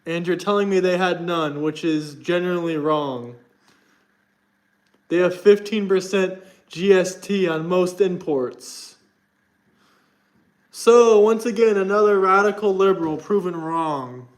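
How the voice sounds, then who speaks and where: A man's voice: sits high, a little slow, pauses often. A man livestreaming and arguing with his chat in a combative, mocking way, reading text aloud to prove his point. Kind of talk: live stream chat rant.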